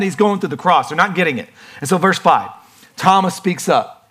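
Guy preaching casually, kinda high voice, animated and chatty, does little voices for the story bits. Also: brisk. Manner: lively, conversational preaching with acted-out voices. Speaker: pastor. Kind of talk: sermon.

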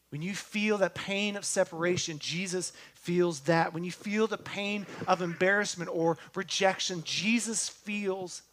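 In a high-pitched voice, a pastor delivers a sermon with earnest directness, frequently asking his congregation questions. He drops to a hush on tender moments and lifts his voice on hopeful words.

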